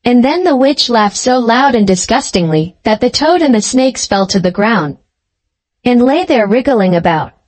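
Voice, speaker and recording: A woman narrating a fairy tale as a scripted storybook reading, in a steady, clear manner. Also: a little high, moderate pace.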